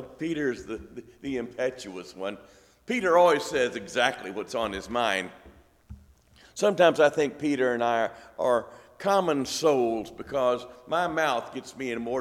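A man's voice: medium pitch, long reverb tail. A man preaching a sermon, with folksy, joking asides.

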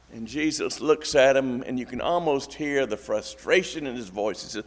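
A man's voice: mid-range voice, moderate pace, hardly any pauses. A middle-aged man preaching a sermon, telling the story in a folksy way with acted asides. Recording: long reverb in a large hall.

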